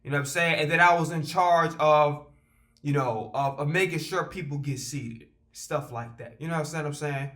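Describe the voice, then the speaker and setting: A man telling a casual storytime vlog, animated and profane, rambling with fillers and restarts. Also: a little high, normal speed.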